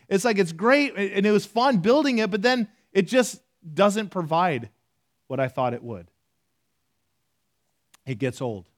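A man preaching a conversational sermon, reading scripture aloud between loose, filler-heavy asides. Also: sits high. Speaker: pastor.

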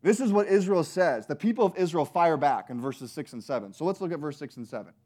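A male preacher delivers a sermon in an animated, emphatic manner. His voice sits high for a man, and he keeps the room engaged with rhetorical questions. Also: fast.

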